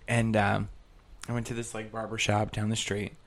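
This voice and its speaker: A podcast co-host with a fairly low voice and moderate pace tells stories in casual conversation. He's an animated storyteller who acts out the voices of the people he quotes.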